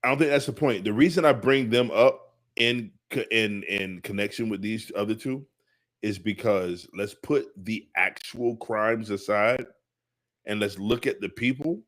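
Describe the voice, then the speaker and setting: A man co-hosting a casual podcast, talking in an animated way, repeating himself and laughing often. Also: on the low side, a little slow. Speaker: podcast co-host. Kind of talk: casual chat.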